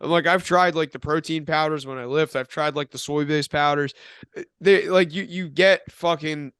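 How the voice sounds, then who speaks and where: A man's voice: a little high, fairly even intonation, moderate pace, fairly bright tone, clear, resonant tone, no echo, clean studio sound. A young man co-hosting a casual podcast, rambling and swearing, with lots of filler words. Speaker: podcast co-host.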